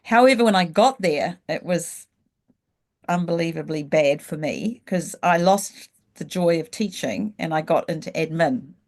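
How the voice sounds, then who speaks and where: A low-voiced woman from New Zealand, a leadership coach appearing as a guest, tells candid stories in a casual interview. Her darkish tone is expressive, and she speaks frankly and reflectively, slowing down whenever she looks back.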